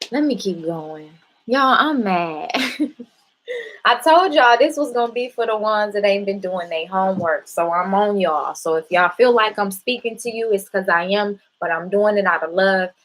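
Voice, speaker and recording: A woman's voice: medium pitch, rough recording. A woman hosting a casual spiritual talk, speaking bluntly and with profanity straight to her viewers. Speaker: spiritual live-stream host.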